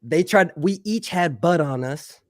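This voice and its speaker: A man telling a story in a casual podcast chat, animated and profane, acting out the voices of the people in it. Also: fairly high pitch, unhurried, no echo, studio quality.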